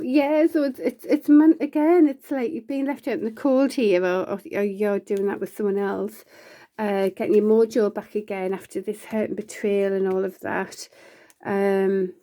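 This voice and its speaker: A woman's voice: mid-range voice, dark tone. A woman giving a casual, rambling tarot reading, full of fillers and restarts. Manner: laughs often between lines. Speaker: tarot reader.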